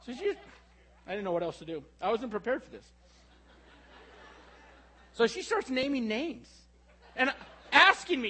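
A middle-aged male preacher with a notably high-pitched voice delivers a sermon. He slips from quiet, hushed reflection into lively, animated storytelling. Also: normal speed, pauses often, breathy edge, low-quality recording.

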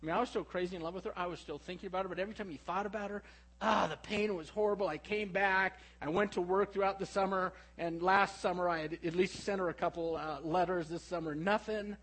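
A middle-aged man preaching a sermon, telling a personal story that swings from hushed reflection to animated retelling. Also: sits high, fast, husky, low-quality recording.

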